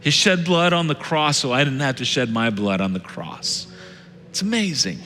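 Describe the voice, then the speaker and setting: A man preaching a sermon as lead pastor, earnest, swinging between loud urging and hushed tones. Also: mid-range voice, animated, normal speed. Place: church sanctuary. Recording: reverberant church hall with soft music.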